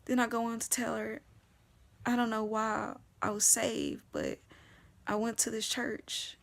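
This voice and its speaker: A young woman telling her personal faith testimony, swinging between hushed whispers and loud emotional outbursts. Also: fairly high pitch, fairly even intonation, measured pace, creaky.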